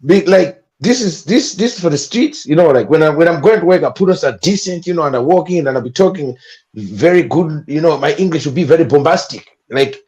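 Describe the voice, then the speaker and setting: A man's voice: on the high side, lively intonation, a little fast, darkish tone, dull audio. A man on a discussion panel, joking around in slangy street talk.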